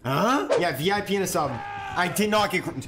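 High-voiced, foul-mouthed young gaming streamer. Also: male voice, a little fast, background noise. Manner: profane, excitable, yells and laughs at the game. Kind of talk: live gameplay commentary.

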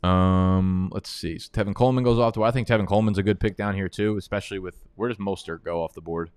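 Young male streamer, casual trash talk, lowish voice, dry close sound. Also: steady tone, fast, darkish tone, smooth, no room sound. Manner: profane, trash-talking, joking. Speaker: fantasy football analyst. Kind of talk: casual live-stream commentary.

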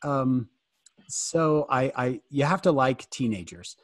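Animated joking man on a video call. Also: mid-range voice, slow, no echo, clean studio sound. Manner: joking, animated, asks the audience questions. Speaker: guest speaker answering youth questions. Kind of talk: casual fireside talk over video call.

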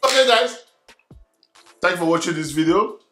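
Excitable man, lively pitch. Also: normal speed. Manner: loud, excitable, broken English. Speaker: prank vlogger, husband. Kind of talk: casual prank vlog. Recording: echoey room with faint music.

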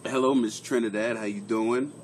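A middle-aged man is chatting casually on the comedy podcast he hosts in his home basement, profane and rambling and quick to mock himself, as in a live stream. His mid-range voice stays steady and a little mellow at a moderate pace. There's slight background noise.

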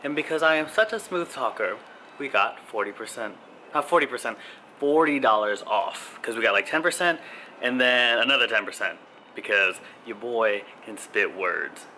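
A young man chatting casually to camera in a vlog, excited and joking, out at a restaurant. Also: medium pitch, brisk. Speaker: vlogger. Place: restaurant and car out and about. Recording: loud crowd and noisy ambience.

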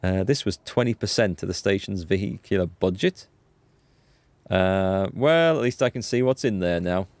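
Brief: male gaming host, lower voice, dry close mic, self-mocking chatter. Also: normal speed, darkish tone, no room sound. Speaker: let's play host. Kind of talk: gameplay commentary.

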